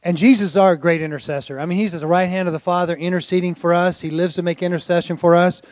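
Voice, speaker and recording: A man's voice: high-pitched, fairly even intonation, quick pace, darkish tone, no room sound. A man who is a pastor, preaching an earnest sermon and quoting scripture.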